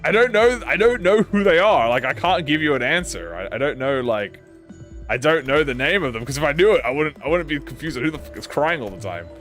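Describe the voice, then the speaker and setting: Man streaming games, lively voice, rambling and profane, lots of restarts, soft music underneath. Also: fairly high pitch, fairly quick. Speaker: game streamer. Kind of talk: casual live-stream chat.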